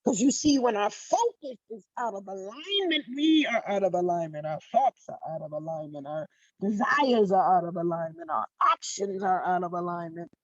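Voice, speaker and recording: A woman's voice: mid-range voice, animated, normal speed, no echo. A middle-aged woman life coach giving a motivational monologue, emphatic and blunt, repeating her phrases and swearing freely. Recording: dull dry lo-fi recording.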